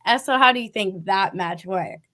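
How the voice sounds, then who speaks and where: A woman's voice: mid-range voice, normal speed, sharp tone. A woman hosting a casual interview, chatty and enthusiastic, laughing often. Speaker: podcast host.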